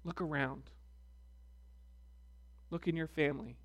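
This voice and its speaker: A male pastor from the United States preaching with a high, light voice. He talks at an unhurried, measured pace. He leans into scripture readings with deliberate emphasis. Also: fairly even intonation. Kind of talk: sermon.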